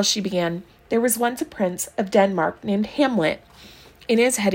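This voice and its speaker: A woman reading a chapter of a novel aloud, narrating in a steady, unhurried way. Her voice sits at a middling pitch. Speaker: audiobook reader.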